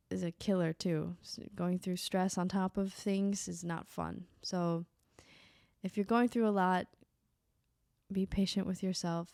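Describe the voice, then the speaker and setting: Gravelly woman, rambling self-help talk. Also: on the low side, warm tone, dry recording, studio quality. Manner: rambling, distracted, with restarts. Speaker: podcast host. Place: apartment.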